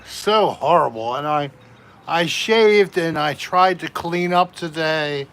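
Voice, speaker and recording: Slow-talking man hosting a live stream. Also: on the high side, a bit bright, clean tone. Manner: slow, chatty, reading out viewer names. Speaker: livestream host. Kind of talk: casual live chat greeting viewers. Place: home.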